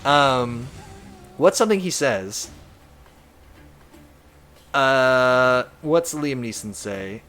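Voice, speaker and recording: A man live-streams a strategy game, chatting casually and animatedly while reading viewer messages aloud. His medium-pitched voice is extremely slow, with frequent pauses. Faint music plays behind him.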